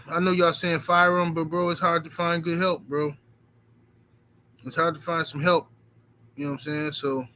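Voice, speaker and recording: Over a slight hiss or hum, a man with a fairly high voice hosts a casual livestream and reads out super chats from viewers. His talk is emphatic and full of profanity and repetition, veering between animated shouting and mumbling.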